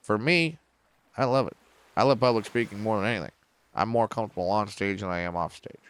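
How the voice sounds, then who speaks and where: Animated profane comedian telling stories. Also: male voice, a little fast, smooth. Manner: animated, profane, jumps way up in pitch for punchlines. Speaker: comedian guest. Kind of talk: casual podcast storytelling.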